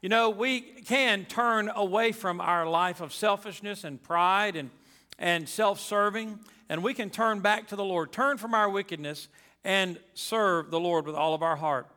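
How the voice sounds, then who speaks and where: A man's voice: high-pitched, a little slow, pushed and bright, big-room sound. A pastor preaching a sermon to his congregation, emphatic and folksy, repeating his key phrases.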